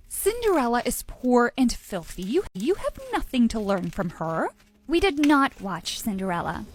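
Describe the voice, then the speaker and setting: A woman narrating a first-person storytime tale in an even, measured way. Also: a little high. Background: background music.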